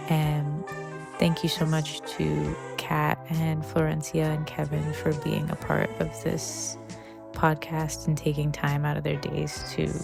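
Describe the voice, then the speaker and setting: A woman's voice: low-pitched, completely flat delivery, unhurried, vocal fry, music in the background. A woman director giving a casual, rambling spoken introduction to a podcast about her film, grateful and full of fillers.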